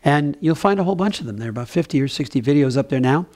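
A man giving a gentle, conversational mindfulness talk with playful asides. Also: a little high, expressive, rapid-fire. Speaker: spiritual teacher.

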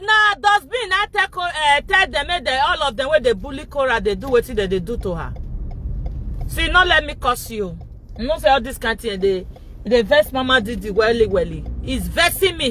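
A Nigerian woman vlogging loudly from inside a car, shouting and laughing as she rants in a casual pidgin-mixed style. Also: high voice, a little hiss or hum. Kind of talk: loud casual vlog rant.

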